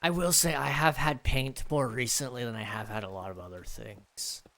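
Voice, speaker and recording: A man's voice: medium pitch, fairly even intonation, fairly quick, pushed and bright. A man casually chatting with his viewers on a live stream, rambling and joking with lots of fillers. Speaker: streamer reading chat.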